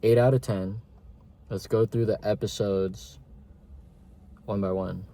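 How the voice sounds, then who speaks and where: A man's voice: on the low side, fairly even intonation, measured pace, mellow, slight background noise. A young man giving a casual, rambling spoken review of a TV season, slangy and full of filler words. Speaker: TV show reviewer.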